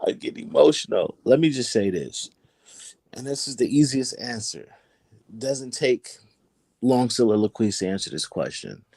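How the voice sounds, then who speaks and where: A man with a dark, mellow voice lays out his sports opinions with emphasis, doubling up words as he gets going. The sound is dry and close, with no room around it. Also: medium pitch, animated, measured pace, creaky, slightly rough, no room sound. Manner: emphatic, repeats words when fired up. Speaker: call-in guest on a sports podcast. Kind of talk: animated sports opinion talk.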